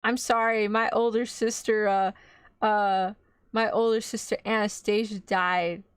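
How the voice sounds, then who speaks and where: A woman voicing a gentle, apologetic young woman while retelling an anime episode. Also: mid-range voice, level tone, a little slow, clear, resonant tone, dry recording, studio quality, lightly acted.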